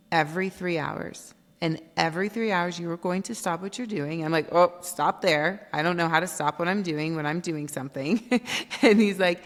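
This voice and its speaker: Low, gravelly-voiced woman telling a story. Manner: animated, acts out quoted dialogue. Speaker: guest, company founder. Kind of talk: storytelling in a podcast interview. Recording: long reverb.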